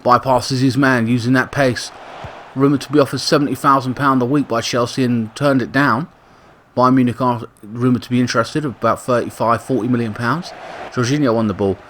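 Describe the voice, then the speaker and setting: Gaming commentator, male, middle pitch, chatty with sudden excited bursts, light noise under the voice. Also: fairly quick. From Britain. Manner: excitable bursts on attacks, chatty asides and self-corrections. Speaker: gaming YouTuber commentating a football sim. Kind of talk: casual play-by-play game commentary.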